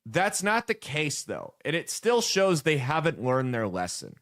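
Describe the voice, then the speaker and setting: A man's voice: fairly high pitch, huge pitch swings, measured pace, fairly bright tone. A man from the American Midwest delivers casual political commentary in a blunt, sarcastic way. His voice rises and falls a lot as he talks.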